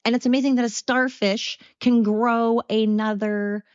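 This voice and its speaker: A woman's voice: fairly high pitch, steady tone, unhurried, a little mellow, clear, resonant tone, dry recording, lo-fi sound. A woman in her forties hosting a solo podcast, chatty and rambling with self-mocking asides. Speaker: podcast host. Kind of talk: casual solo podcast monologue.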